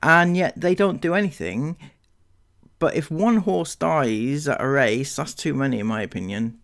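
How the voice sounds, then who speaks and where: Young guy ranting about comments, sarcastic and mocking, kinda high voice, lots of ums. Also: moderate pace, vocal fry, a bit bright. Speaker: commentary channel host. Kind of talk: reacting to viewer comments.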